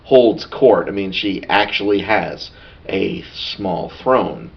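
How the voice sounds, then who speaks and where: Rambling low-voiced man recapping a game. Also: slow, creaky. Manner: rambling, full of asides. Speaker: podcast co-host. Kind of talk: casual recap of a tabletop game. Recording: dull lo-fi sound.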